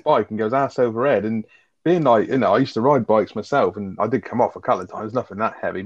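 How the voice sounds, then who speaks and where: A man's voice: fairly low pitch, no echo. A man rambling through a film's plot in casual chat, sweary and full of fillers. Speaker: podcast co-host. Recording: dull lo-fi audio.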